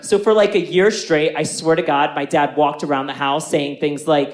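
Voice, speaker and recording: A man performing a stand-up comedy set, telling brash, animated stories and laughing often. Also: fairly high pitch, fast, hardly any pauses, roomy sound.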